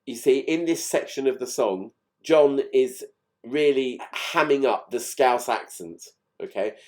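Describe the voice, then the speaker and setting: A man's voice: medium pitch, a little slow, darkish tone. A man chatting through fine recording details of old songs in a casual, enthused, explanatory way. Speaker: music channel host.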